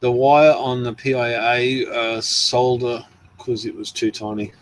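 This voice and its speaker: A man's voice: medium pitch, little pitch movement, measured pace, no echo. A man with an Australian accent, hosting a casual livestream, rambling and laughing as he answers viewers. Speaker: livestream host. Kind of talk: casual livestream chat reading comments.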